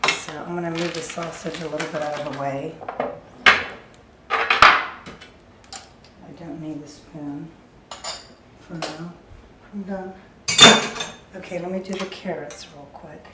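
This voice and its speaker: Far from the mic in her echoey kitchen, a woman talks through each step as she cooks, chatting casually in a low-pitched, fairly even voice, slow and with frequent pauses. The recording is very noisy with clattering dishes, utensils and drawers.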